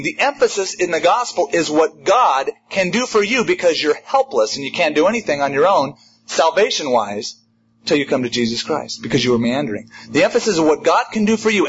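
A man preaching a sermon in an emphatic, animated way, driving home a repeated refrain. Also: fairly high pitch, muffled recording, a little hiss or hum. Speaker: pastor.

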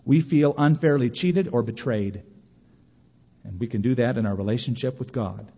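A man preaching a sermon as pastor, animated, with quick mock quotes of others. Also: medium pitch, creaky, in a large hall, dull audio.

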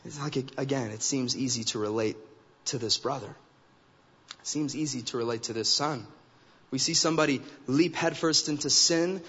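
A man's voice: a little high, fairly bright tone, slightly rough. A man delivering a sermon as a guest preacher, emphatic and repeating phrases for stress. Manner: emphatic, acts out quoted remarks in character voices. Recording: dull recording with long hall reverb.

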